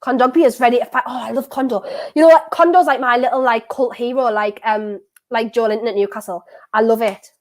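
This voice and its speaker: A woman's voice: fairly high pitch, a little fast, few pauses. A young woman, live-streaming her reactions to a football match and chatting to viewers. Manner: excitable, swings from laughing to dejected, talks to viewers. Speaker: streamer hosting a football watchalong.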